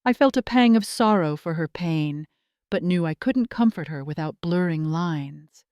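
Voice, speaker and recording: A woman narrating a first-person drama story in a steady, scripted storytelling delivery. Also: fairly low pitch, unhurried, smooth, dry recording, studio quality.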